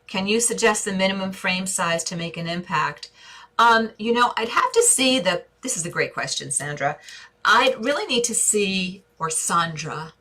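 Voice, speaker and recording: An interior design host with a New York accent runs a live stream, working through viewer questions in an effusive, thinking-out-loud manner. Her mid-range voice is expressive and sharp in tone, delivered at a moderate pace.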